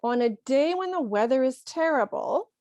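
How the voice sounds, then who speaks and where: A woman teaching English to learners, explaining things slowly and carefully with acted examples. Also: high-pitched, lively intonation, darkish tone, dry recording. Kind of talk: slow, careful ESL lesson.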